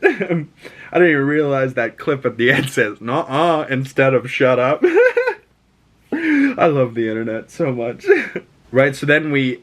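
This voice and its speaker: Rambling, swearing Boston guy recapping a show. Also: mid-range voice. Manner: rambling, animated, swears, acts out lines. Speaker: podcast host.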